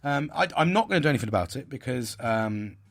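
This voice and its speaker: A man's voice: mid-range voice, very animated, fast talker. A man hosting a podcast, talking in a rambling, frustrated way with many restarts and fillers. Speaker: podcast host. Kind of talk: casual monologue.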